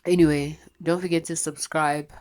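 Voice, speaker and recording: Young woman, podcast host, very low voice, blunt and confessional, swears freely. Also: level tone, normal speed, a little mellow.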